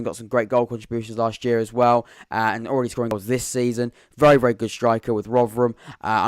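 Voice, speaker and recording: A man's voice: mid-range voice, clear, resonant tone, no echo, studio quality. A young man hosting a live football podcast, chatting casually and thinking aloud as he reads viewer comments. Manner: rambling, thinks aloud while reading comments. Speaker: podcast host. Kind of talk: live-stream football chat.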